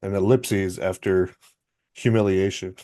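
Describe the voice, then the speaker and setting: Brief: male comedy co-host, lowish voice, dry deadpan delivery. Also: a little slow. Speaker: podcast co-host. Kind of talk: casual comedic chat.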